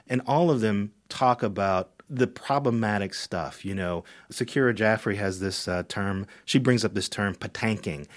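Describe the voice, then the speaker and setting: A man speaking as a critic in a radio interview, thoughtful, often repeating words as he starts. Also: lowish voice. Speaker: media critic guest.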